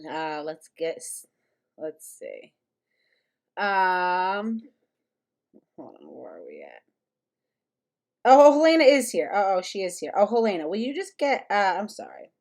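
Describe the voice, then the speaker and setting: A woman's voice: mid-range voice, huge pitch swings, measured pace, creaky, pauses often, darkish tone. A woman hosting a casual livestream, talking bluntly and sarcastically with plenty of swearing and chatting with her viewers. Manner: chatty with live chat. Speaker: commentary streamer host.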